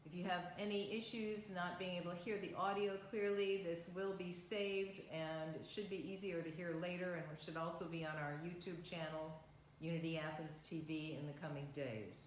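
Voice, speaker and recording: A woman minister leading a guided visualization and closing prayer at a livestreamed service, speaking slowly, gently and upliftingly. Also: fairly low pitch, fairly even intonation, very echoey, slight background noise, poor audio.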